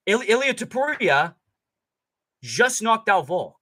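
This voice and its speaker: Young male streamer host, sarcastic and profane, bright voice with a bouncing pitch. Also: lively intonation, normal speed. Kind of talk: live fight reaction commentary.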